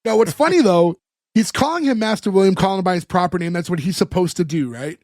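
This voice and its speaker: A man's voice: high-pitched, lively intonation, quick pace, a little mellow, no room sound, studio quality. A man co-hosting a podcast, casually retelling a sitcom episode scene by scene with fillers and small chuckles. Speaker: podcast co-host. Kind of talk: casual chat recapping an episode.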